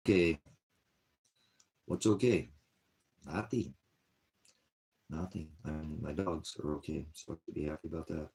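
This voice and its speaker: Weary ministry host, very low pitch, rambling vlog monologue. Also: male voice, fairly even intonation, unhurried, long pauses, a little mellow. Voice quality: gravelly, husky. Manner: weary, sighing, drifts between topics. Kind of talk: rambling personal vlog talk.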